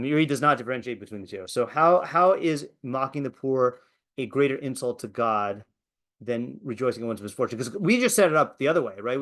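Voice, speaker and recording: A man teaching a class as a rabbi, talking in a conversational way with many fillers and restarts. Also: medium pitch. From Eastern Washington, USA. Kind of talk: casual lecture.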